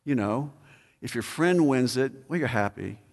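A man preaching as a pastor, building to emphatic peaks and then slowing into a measured prayer. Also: mid-range voice, expressive, creaky. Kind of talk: sermon and closing prayer. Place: church sanctuary. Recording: long church reverb.

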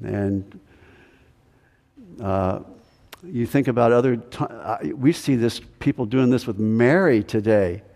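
A man's voice: medium pitch, takes it slowly, long pauses, a little mellow. A man preaching a sermon as pastor, emphatic, repeating key phrases for stress. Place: church sanctuary. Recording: echoey hall with long reverb.

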